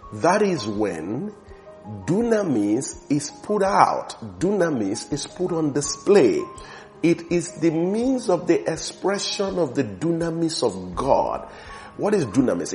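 A man preaching a sermon with emphasis, repeating words for stress and swinging between soft and loud passages. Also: fairly high pitch.

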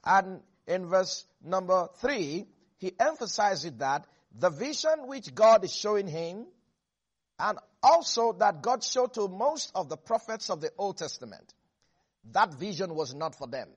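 High-voiced man preaching a fervent sermon. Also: very animated, husky, muffled recording. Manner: emphatic preaching with call-and-response to the congregation; reads scripture aloud in a measured cadence.

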